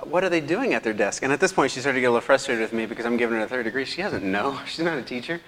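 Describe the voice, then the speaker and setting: A man's voice: mid-range voice, racing, fairly bright tone, slight background noise. A young adult man giving a lay sermon, telling stories in a self-deprecating way. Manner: self-deprecating, storytelling, chuckles often. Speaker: lay preacher, teacher. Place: church hall. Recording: long hall reverb.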